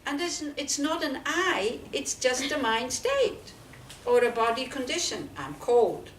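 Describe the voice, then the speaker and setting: A fairly high-voiced woman, a Buddhist nun, teaches a small group in a conversational, questioning way, sprinkling her points with "you know". She sounds set back from the mic in a roomy, echoing teaching room with faint ambient noise behind her. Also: big pitch swings, measured pace. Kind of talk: dharma talk to a small group. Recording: echoey room, speaker far from mic.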